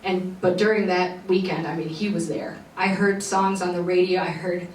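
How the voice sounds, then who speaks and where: A young woman tells a heartfelt personal story in an earnest, rambling way, full of fillers and restarts. Her voice sits a little low and reaches the mic from a short distance. The room adds a noticeable echo, and a faint hiss runs under it. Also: steady tone, moderate pace. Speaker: podcast host. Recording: roomy echo, voice a bit off-mic, faint background noise.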